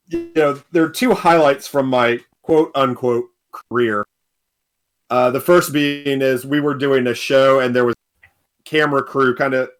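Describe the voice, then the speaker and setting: Young guy, podcast guest, chatty storyteller who laughs a lot. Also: on the high side. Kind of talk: casual storytelling.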